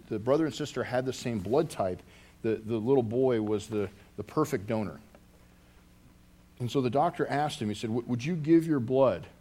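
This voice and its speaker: A man's voice: medium pitch, warm tone. A man preaching a sermon as a pastor, telling a story earnestly and often restarting his phrases.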